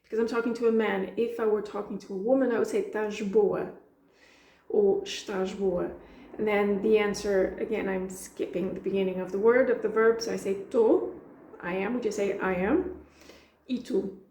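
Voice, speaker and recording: A woman with a European Portuguese accent explains phrases in a mellow, relaxed voice, acting out bits of dialogue and laughing easily. Her voice rings with a roomy echo. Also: medium pitch, fairly quick, a little hiss or hum. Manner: chatty, laughs often, acts out dialogue lines. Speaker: language teacher. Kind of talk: casual explanatory lesson.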